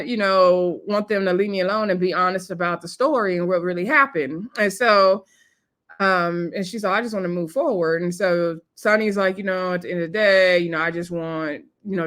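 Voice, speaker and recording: A woman's voice: medium pitch, fairly bright tone. A woman recapping a reality TV episode in casual, chatty commentary, retelling scenes with quoted lines and sassy asides.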